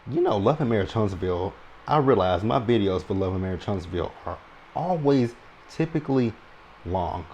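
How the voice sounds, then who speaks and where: With a fairly low voice and moderate pace, a man gives a relaxed, rambling recap of a reality show episode, habitually tagging on "right?" A faint room hum sits in the background.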